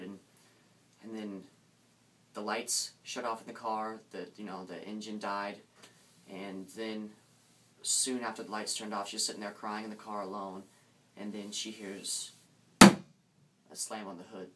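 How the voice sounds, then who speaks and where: A young man casually tells a ghost story, hesitant and full of restarts as he builds suspense. His voice is lowish and picked up from a distance. Faint noise hums behind him. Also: flat delivery, unhurried, long pauses.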